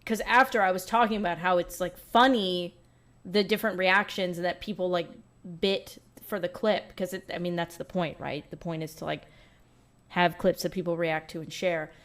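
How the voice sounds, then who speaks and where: A woman's voice: on the low side, steady tone, moderate pace, a bit bright. A woman talking casually and at length, full of fillers, as an online personality in a played clip. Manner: chatty, filler-heavy. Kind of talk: casual monologue.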